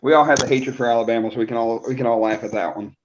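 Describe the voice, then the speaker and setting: A man co-hosting a casual podcast, adding quick, wry comments. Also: mid-range voice, steady tone, lo-fi sound, a little hiss or hum. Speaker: podcast co-host. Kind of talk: casual chat.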